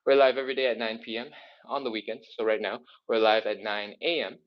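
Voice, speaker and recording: Speaking fast with a lowish, fairly even voice, a man leads a live follow-along stretching routine, the recording missing its high frequencies. He's a mobility instructor who counts reps, keeps things upbeat and encouraging, and is slightly out of breath.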